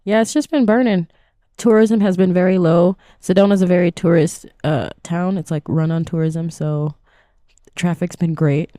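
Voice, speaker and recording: A woman's voice: lowish voice, steady tone, moderate pace, dark tone, dry recording, studio quality. A woman hosting a casual solo podcast from inside her van, rambling loosely and swearing freely in a groggy morning voice. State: groggy morning voice, short on sleep. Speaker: podcast host.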